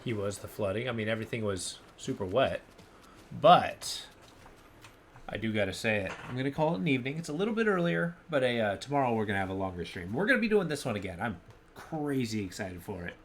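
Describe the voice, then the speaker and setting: A man's voice: on the low side, sing-song, fast talker, a little hiss or hum. A man streaming a video game, chatting casually and enthusiastically about it. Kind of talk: casual gameplay commentary.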